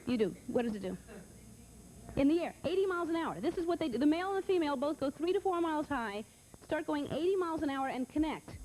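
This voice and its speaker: A woman doing halting, deadpan stand-up comedy with lots of hesitant fillers. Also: high voice, slight background noise, low-quality recording.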